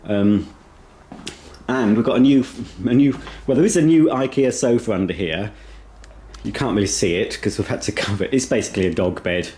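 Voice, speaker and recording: A man's voice: on the low side, brisk, a little mellow, a little hiss or hum. A man giving a casual, rambling video tour of a house, chatting while he eats. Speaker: vlogger. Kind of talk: casual home tour vlog. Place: inside a house.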